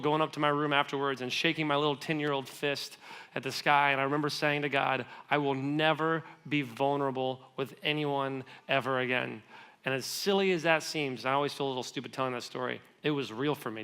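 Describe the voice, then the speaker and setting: Bright-voiced man preaching casually. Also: a little high, fairly even intonation, fast talker, clean tone. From United States. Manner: conversational, self-deprecating, acts out dialogue. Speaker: guest speaker. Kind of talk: storytelling sermon. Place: church auditorium.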